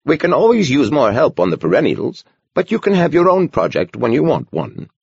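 A gentle old monk overseer with a lively, sing-song lift, patient and wryly teasing, as a narrator puts him on. The voice sits higher than a gruff elder, husky and gravelly at the edges. It is a dull, dry, lo-fi storybook recording. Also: male voice, a little fast, no echo, heavily acted. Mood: hesitant. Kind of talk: audiobook character voice.

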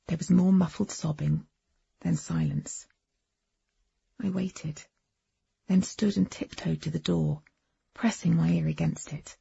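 A woman reads a first-person audiobook in a lively, expressive way. Her voice is very husky, with a gravelly edge. The studio recording is dry and a little dull. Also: low voice, a little slow, pauses often, no echo. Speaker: audiobook narrator.

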